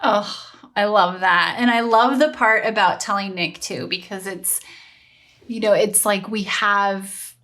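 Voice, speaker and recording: A woman's voice: mid-range voice, a little slow, bright, forceful tone. A woman hosting a podcast, answering her guest in a reflective, musing way. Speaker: podcast host. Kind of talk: casual interview chat.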